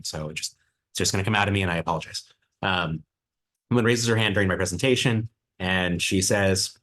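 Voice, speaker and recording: A middle-aged man with a very low, deep voice, leading a gin tasting over a video call. He talks with enthusiasm, then turns reflective, pausing often with fillers and restarting his sentences. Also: fairly bright tone. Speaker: head distiller. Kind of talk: presenting a virtual tasting.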